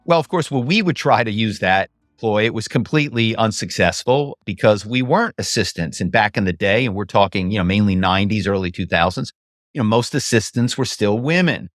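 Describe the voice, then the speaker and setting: A man telling stories as a podcast guest, lively and acting out phone calls in voices. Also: fairly low pitch, fairly quick, no room sound, clean studio sound. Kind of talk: casual interview storytelling.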